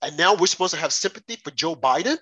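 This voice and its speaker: Talk radio host, male, husky and bright-toned, indignant and emphatic, rhetorical monologue. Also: fairly high pitch, animated, fast, lo-fi sound.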